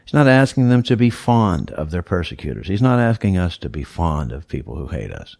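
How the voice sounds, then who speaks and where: Low-voiced man preaching a sermon. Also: big pitch swings, brisk, gravelly, a little mellow, no echo, clean studio sound. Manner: teacherly, emphatic, walks through scripture verse by verse. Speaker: pastor.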